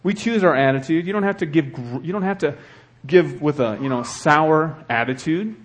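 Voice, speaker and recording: Delivering a sermon as the church's pastor, a man alternates between quiet, earnest talk and loud, fervent exhortation. He has a slightly high voice and speaks at a moderate pace.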